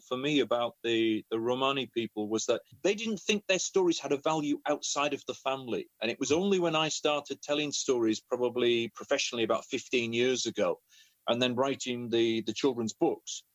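A man who is a professional storyteller, telling a family story in an animated way, often repeating words. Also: mid-range voice, fairly quick, dry recording, muffled recording. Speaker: professional storyteller and children's author. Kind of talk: conversational storytelling.

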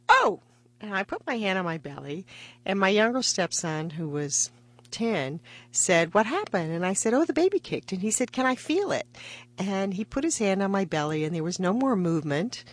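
Animated woman telling a story. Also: medium pitch, normal speed, no room sound. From part Mexican heritage. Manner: vivid storytelling with lively voiced quotes. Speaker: guest, physician. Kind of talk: personal story in a radio interview.

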